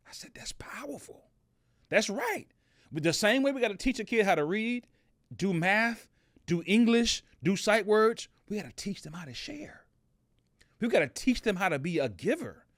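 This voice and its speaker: A man's voice: high voice, sing-song, normal speed, no echo, clean studio sound. A middle-aged man hosting a motivational podcast, telling a story in a casual way with many fillers and restarts. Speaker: podcast host.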